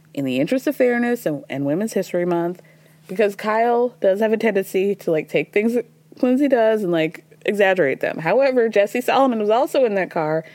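A woman in her thirties recapping reality TV in a casual, animated storytelling way, quoting people as she goes. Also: medium pitch, no room sound. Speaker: podcast host recapping reality TV.

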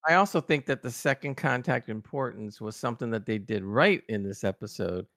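A man's voice: medium pitch, brisk, a bit bright, dry recording, studio quality. A man co-hosting a casual podcast review, speaking emphatically and with exasperation as he hammers on what he dislikes. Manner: emphatic and exasperated, pounding on flaws. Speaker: podcast co-host reviewing a TV episode.

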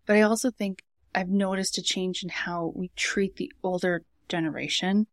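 A woman host with an Upper Midwest American accent speaks in a thoughtful, conversational tone at a middle pitch. She shares her own observations between frequent short acknowledgments. Her voice is recorded close and dry. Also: steady tone, normal speed, dry recording. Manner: reflective, backchannels often. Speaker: podcast host. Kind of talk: conversational podcast interview.

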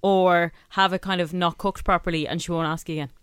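A woman co-hosting a casual chat show, giving relaxed, matter-of-fact advice. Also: fairly low pitch, a little fast, clear, resonant tone, dry recording, studio quality. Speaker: co-host.

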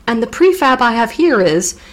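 A woman's voice: a little high, sing-song, moderate pace. A woman co-hosting a casual literature podcast, retelling a novel with playful, teasing jokes. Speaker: podcast co-host. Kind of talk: casual literary recap chat.

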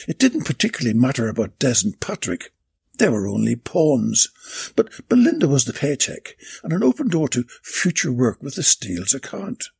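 A man reading his own comic erotic story aloud in a flat, deadpan way. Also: medium pitch, moderate pace, gravelly, husky, no echo, clean studio sound.

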